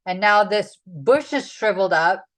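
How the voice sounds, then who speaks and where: A woman's voice: medium pitch, lively intonation, moderate pace, fairly bright tone, poor audio. Woman Bible study leader, casual and chatty, mid-range voice. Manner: chatty, with many "like"s and "um"s.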